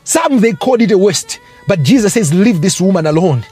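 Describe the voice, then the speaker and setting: A man's voice: high voice, expressive, brisk, a little mellow, slightly rough, soft background music. A man preaching a fervent sermon, breaking into tongues and rising exclamations.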